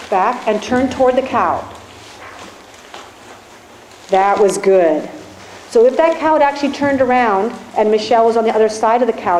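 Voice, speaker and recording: A woman's voice: on the high side, a little mellow. A woman riding instructor giving live coaching in an indoor arena, directive and encouraging as she talks riders through each step. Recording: echoey arena with faint ambient noise.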